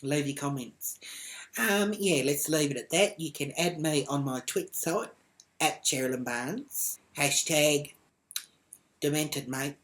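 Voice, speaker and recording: A woman's voice: deep voice, slow pace. A woman ranting to camera in a brash, foul-mouthed comic character. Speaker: comedy vlogger in character.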